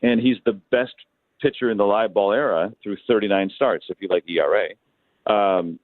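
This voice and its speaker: A man's voice: lowish voice, fairly even intonation, moderate pace, no echo. A male baseball announcer from Detroit, chatting as a guest and telling stories with many restarts. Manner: rambling storyteller with many restarts. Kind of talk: casual phone interview storytelling. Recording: thin phone line.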